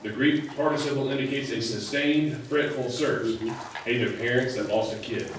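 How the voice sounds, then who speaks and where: Preacher in an echoey church hall. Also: male voice, medium pitch, normal speed, noisy background. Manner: conversational, rambling with many fillers. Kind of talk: sermon. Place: church sanctuary. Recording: echoey hall, mic at a distance.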